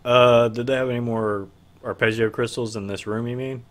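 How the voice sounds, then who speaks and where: A man's voice: medium pitch, fairly even intonation, normal speed. A man narrating a tabletop game as game master, in a casual manner with filler words. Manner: casual, stops to fix his screen while talking.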